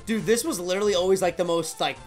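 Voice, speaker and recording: A man's voice: high voice, fast, faint music behind. A man co-playing as guest in a casual gaming commentary, teasing and goofy. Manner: teasing, jokey, goofy bits. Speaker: co-player guest.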